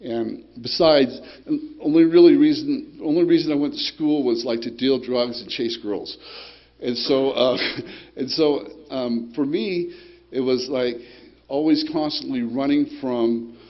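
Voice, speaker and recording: On a muffled recording, a man with a mid-range voice speaks unhurriedly, sharing his recovery story at a group meeting. His testimony is rambling and streetwise, full of swearing and frequent "you know, right?".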